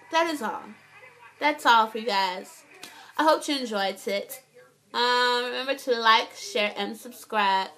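A young woman vlogging a casual, animated TV recap, swearing a lot and often asking "right?". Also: high voice, measured pace.

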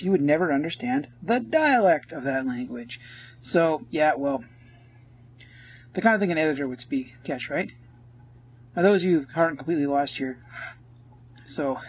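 A man's voice: fairly high pitch, slightly rough. A man from Canada with a Canadian accent, ranting sarcastically and rambling through a comic book review as podcast host.

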